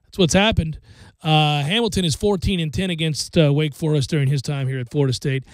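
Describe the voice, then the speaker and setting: A man hosting sports talk radio, his voice a touch higher than most men's. He chats casually and tosses in wry, offhand asides. The studio sound is close and dry, with no room echo. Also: fairly even intonation, brisk. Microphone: studio microphone.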